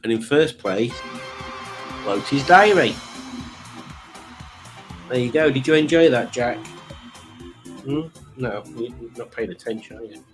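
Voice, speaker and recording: A middle-aged man hosts a live quiz stream in casual chat. He rambles, teases and pokes fun at himself. His voice sits at an everyday middle pitch. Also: normal speed, soft background music. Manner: chatty, rambling, teasing and self-mocking. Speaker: livestream quiz host.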